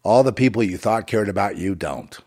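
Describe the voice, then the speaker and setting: A man's voice: on the low side, lively intonation, brisk, darkish tone. A man delivering a rambling, moralizing monologue with a sardonic, digressive way of talking.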